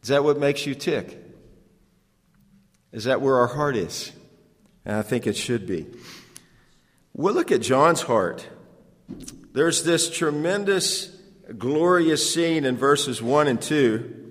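A man's voice: mid-range voice, animated, slow, long pauses. A man preaching an expository sermon, earnestly asking the congregation rhetorical questions. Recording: long hall reverb.

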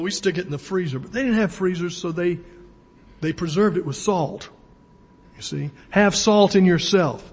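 A man pastor preaching a sermon in a church, emphatic and slowing down to stress his key words. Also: sits high, breathy edge. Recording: long church reverb.

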